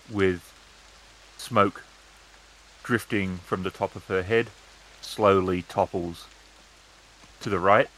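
Male game master, very slow, low-pitched, measured narration. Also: fairly bright tone, slight background noise, rough recording. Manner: measured, descriptive, with pauses.

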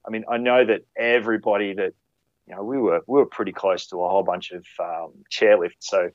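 A ski patroller, recounting rescues in a halting way with many fillers and restarts. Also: male voice, lowish voice, fairly even intonation, no echo, lo-fi sound. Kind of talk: conversational storytelling.

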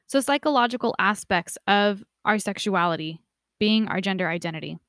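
A young woman giving a casual lecture, conversational and lively when she imitates relatives. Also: mid-range voice, normal speed, no echo, clean studio sound. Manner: conversational, animated quoting of family voices. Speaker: instructor.

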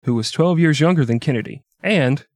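A man's voice: fairly high pitch, expressive, brisk, dry recording, clean studio sound. A man co-hosting a podcast, telling a history story in a casual, jokey, irreverent way and laughing often.

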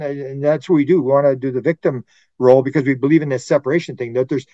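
A man's voice: medium pitch, quick pace, mellow, no echo, muffled recording. A man in his sixties, a guest UFO researcher, talking earnestly in a casual interview and acting out quoted voices.

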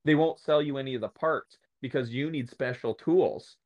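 A man speaking as a guest on a casual podcast, ranting in an animated way and acting out the voices of the people he quotes. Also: mid-range voice, moderate pace, highs cut off. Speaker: guest, electric motor repair specialist.

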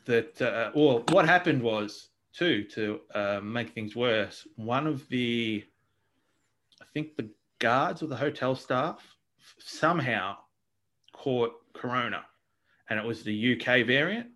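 A man's voice: medium pitch, lively intonation, slow pace, a bit bright. Ranting Australian man on a podcast. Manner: ranting, sweary, exasperated. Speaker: podcast co-host. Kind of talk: casual chat.

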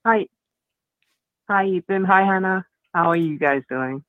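Man caller, tinny phone line, slow deliberate pace, nervous, stammers. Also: high voice, no room sound. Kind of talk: casual call-in chat.

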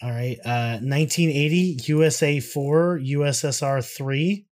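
A man's voice: on the high side, a little slow, a little mellow. A man co-hosting a podcast in casual chat, rambling with restarts and laughing easily. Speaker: podcast co-host.

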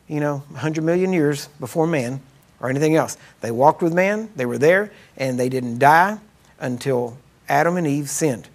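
Conversational middle-aged male Bible teacher. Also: on the high side. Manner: conversational, checks in with the audience with "right?" and "Amen?"; emphatic, slows down to stress scripture words. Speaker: minister teaching a healing course. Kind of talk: sermon-style Bible teaching.

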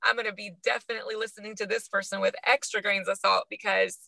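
A woman's voice: mid-range voice, flat delivery, fast, vocal fry, pushed and bright, no room sound. A woman talking casually in a podcast discussion, hesitant, with many fillers.

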